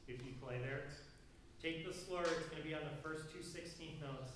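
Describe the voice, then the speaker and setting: A man with a high voice coaches a band through a rehearsal, singing phrases on "da" and calling out counts. He sounds far from the mic in a very echoey hall, with steady noise around him. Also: moderate pace. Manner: sings rhythms on syllables and counts off bars. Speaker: band conductor. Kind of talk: rehearsal instruction. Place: large rehearsal room. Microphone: distant room recording. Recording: very echoey hall, distant, noisy.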